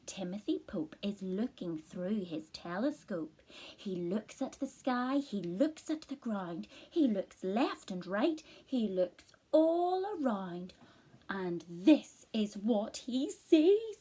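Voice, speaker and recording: A woman teacher reading a picture book aloud to children, expressive and encouraging, asking them to read along and spot rhymes. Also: medium pitch, slow, breathy edge. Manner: expressive, encouraging, asks the listener to join in. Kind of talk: read-aloud storytime lesson.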